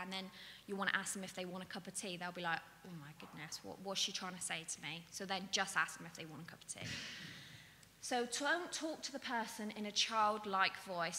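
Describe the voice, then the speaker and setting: A woman's voice: medium pitch, bright, forceful tone. A woman giving a patient, explanatory talk on dementia care as a trainer at an event. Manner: patient, explanatory, with many ums and "so". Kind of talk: awareness talk to an audience. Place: event hall. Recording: echoey hall, faint hiss.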